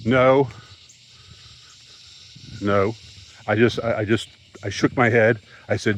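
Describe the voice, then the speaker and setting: A man speaks straight to camera in a rambling, agitated rant. His voice sits at an ordinary middle pitch, and he often stops and restarts his sentences as he works himself up. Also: steady tone, poor audio. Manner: agitated, halting, repeats himself. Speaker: vlogger. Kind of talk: ranting monologue to camera.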